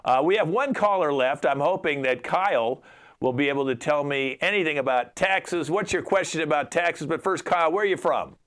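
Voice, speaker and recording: A man hosting a mock radio tax call-in show in an improv comedy show, exasperated and dishing out deadpan put-downs. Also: a little high, normal speed. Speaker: improv host playing radio tax advisor. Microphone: video call.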